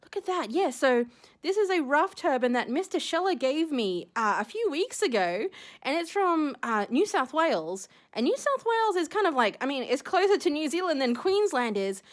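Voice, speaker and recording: A woman's voice: sits high, sing-song, moderate pace. A young woman unboxing seashells on her vlog, gushing and giddy, gasping with delight. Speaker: shell collector unboxing a gift.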